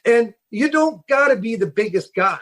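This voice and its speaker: With an extremely high, expressive and slightly bright voice at normal speed, a middle-aged Seattle fishing boat captain shares casual stories. In this podcast interview he rambles, restarting often and leaning on fillers.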